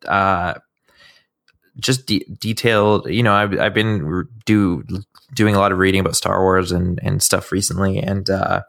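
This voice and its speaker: A man's voice: deep voice, steady tone, normal speed, gravelly, fairly bright tone, dry recording, clean studio sound. A man co-hosting a gaming podcast, chatty with stumbling restarts. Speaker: podcast co-host. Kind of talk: casual gaming podcast chat.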